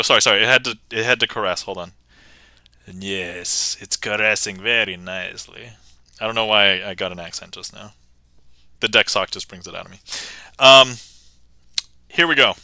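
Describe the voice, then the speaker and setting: A man's voice: fairly low pitch, sharp tone, clear, resonant tone, no room sound. A man performing card magic on a livestream, chatting playfully with viewers, laughing often and thanking them by name. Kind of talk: casual livestream patter.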